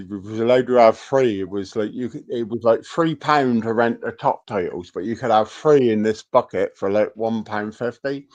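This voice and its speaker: A man's voice: lowish voice, dull audio. A man, chatting casually as co-host and telling swear-laden stories, acting out his family's voices. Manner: profane storyteller, animated quoting of family. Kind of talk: casual chat.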